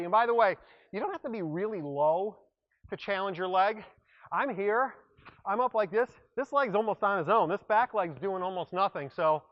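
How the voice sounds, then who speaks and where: A man's voice: sits high, highs cut off. A man coaching a workout class as its instructor, upbeat and joking, breaking off mid-sentence now and then. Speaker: fitness instructor. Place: exercise room.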